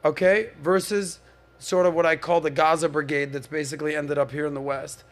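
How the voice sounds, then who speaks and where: A man from Miami hosting a podcast, telling stories in an animated, emphatic and conversational way. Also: a little high, fairly quick. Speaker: podcast host. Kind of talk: casual panel discussion.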